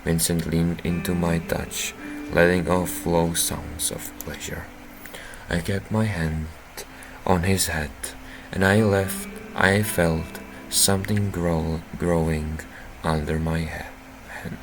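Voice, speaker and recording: A man playing through a visual novel, reading the narration aloud and breaking into loud, profane reactions. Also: deep voice, little pitch movement, takes it slowly, background noise. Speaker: game streamer. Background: faint game music.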